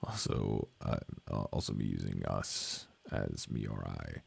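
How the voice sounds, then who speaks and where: A man's voice: extremely low pitch, measured pace, creaky, few pauses, slightly rough. A man streaming a strategy game, chatting casually, ranting, swearing and laughing a lot. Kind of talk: casual gaming livestream commentary.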